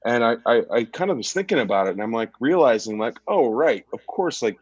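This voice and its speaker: A man's voice: mid-range voice, big pitch swings, quick pace, slightly rough, no room sound, lo-fi sound. A man hosting a live-stream chat, asking rambling, friendly questions. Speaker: host. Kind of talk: casual chat.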